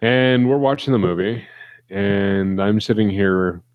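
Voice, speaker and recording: A man with a fairly low, smooth voice speaks a little slowly as he co-hosts a casual podcast, telling a long anecdote and acting out the quotes in it with animated flair. The recording is dry, with narrow, tinny audio.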